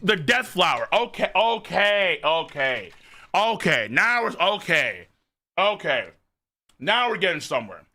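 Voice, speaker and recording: A man reacting live to a manga chapter on stream, excitable and profane, reading lines aloud and shouting at big moments. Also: sits high, a little slow, no echo.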